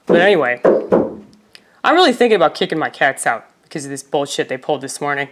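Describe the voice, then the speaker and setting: Very noisy audio captures a woman vlogger rambling to her viewers, swearing and filling gaps with fillers in a casual to-camera monologue. Her low-pitched voice is very animated and moves at a quick pace.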